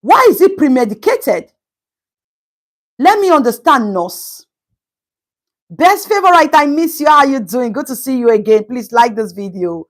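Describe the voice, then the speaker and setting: A woman whose voice sits high speaks at normal speed with frequent pauses as she hosts a casual live stream. Animated, she talks through a news story, greets viewers by name, and tosses in Pidgin asides.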